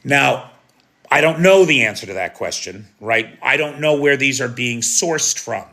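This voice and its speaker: American man, news commentator, bright voice, conversational, opinionated. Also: medium pitch, expressive, a little slow. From United States. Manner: conversational, opinionated, frequent rhetorical "right?".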